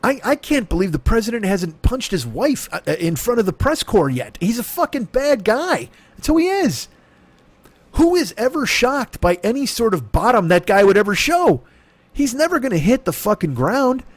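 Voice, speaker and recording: Profane, ranting man with a lively voice. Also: high voice, normal speed, dry recording. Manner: angry, profane, sarcastic ranting. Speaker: comedian and podcast host. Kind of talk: profane comic rant.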